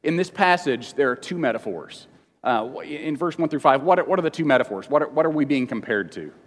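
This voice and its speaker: A man teaching a Bible lesson to a congregation in a casual, halting way, often repeating words and slipping in jokes, at times emotional. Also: fairly high pitch, expressive. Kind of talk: informal teaching sermon with questions to the room. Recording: long reverb of a large hall.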